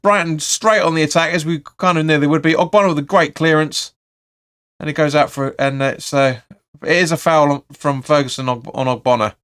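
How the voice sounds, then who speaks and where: A man's voice: on the high side, steady tone, a little fast, fairly bright tone, clean tone. A man hosting a live football watch-along, calling the play and chatting through viewer comments with blunt opinions. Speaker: fan channel host.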